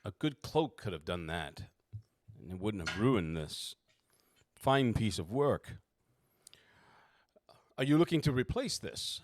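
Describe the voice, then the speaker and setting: A man's voice: lowish voice, sing-song, takes it slowly, long pauses, no room sound. A man voicing a proud, soot-covered male armorer who talks in a formal, indignant way.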